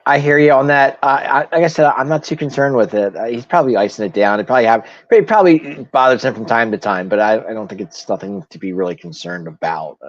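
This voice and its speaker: A man's voice: medium pitch, fast talker, hardly any pauses, no echo. Laid-back man on dull, dry audio. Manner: laid-back, laughs easily. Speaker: co-host. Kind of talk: casual sports talk show chat.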